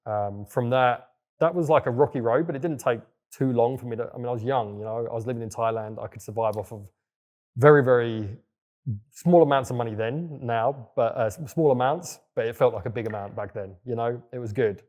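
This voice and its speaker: A man's voice: mid-range voice, fairly quick, a little mellow. A young man telling his story in a casual, loose way, with plenty of fillers and the odd swear word. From England. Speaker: guest entrepreneur. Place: villa in Bali.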